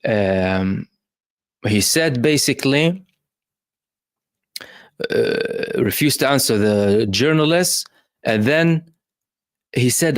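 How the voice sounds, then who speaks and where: A man hosting live news commentary, pausing on many fillers and asking emphatic rhetorical questions. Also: mid-range voice, animated, no room sound, clean studio sound. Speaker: host.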